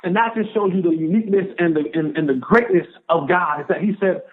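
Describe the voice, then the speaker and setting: A man in his thirties, a guest on a podcast, telling a personal story in an animated way and acting out the voices of the people in it. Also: high-pitched, fast talker, hardly any pauses. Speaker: podcast guest, former pro football player. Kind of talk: storytelling in an interview. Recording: narrow phone-like sound.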